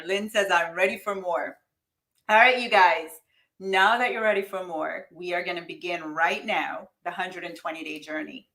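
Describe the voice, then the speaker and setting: A woman's voice: lowish voice, fairly even intonation, normal speed, bright, forceful tone. A woman with a lot of energy leads a live online coaching session on money mindset. She speaks emphatically and directly to her viewers, as if each one were in the room with her. Now and then she reads their typed comments back to them. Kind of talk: live-streamed motivational coaching talk.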